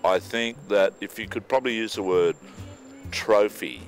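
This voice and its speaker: A man's voice: lowish voice, moderate pace. A man, an actor, speaking in a wry, wordy way in a behind-the-scenes interview. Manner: wry, wordy, dry humor. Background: background music.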